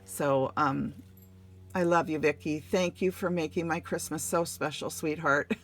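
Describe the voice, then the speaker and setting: Casting: middle-aged woman, low gravelly voice, gushing casual unboxing host. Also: steady tone, unhurried, faint music behind. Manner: gushing, warm thank-yous, many fillers. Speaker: crafting channel host.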